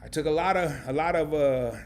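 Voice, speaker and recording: His voice is fairly high and brisk, with a little hiss or hum in the audio. A middle-aged man from small-town Arkansas, he rambles and jokes casually while hosting a live stream indoors under camera lights.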